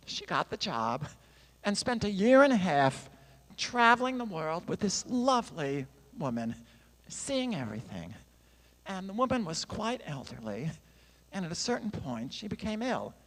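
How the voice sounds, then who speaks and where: A man tells a story to a church congregation, his voice pitched high and swinging freely up and down. His casual sermon storytelling carries a long reverb from the large sanctuary. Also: very animated, a little slow, fairly bright tone. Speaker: songwriter and guest speaker.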